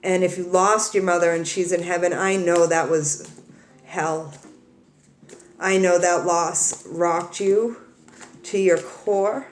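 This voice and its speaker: A woman's voice: fairly low pitch, steady tone, slow pace, echoey room. A woman tarot reader talking earnestly to her viewers, crying as she comforts them, with many repeats and restarts. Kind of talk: emotional direct-to-camera talk.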